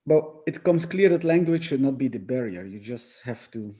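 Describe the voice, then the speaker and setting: A male interview host, not a native English speaker, asking questions in a halting way as he searches for words. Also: medium pitch, lively intonation, mellow.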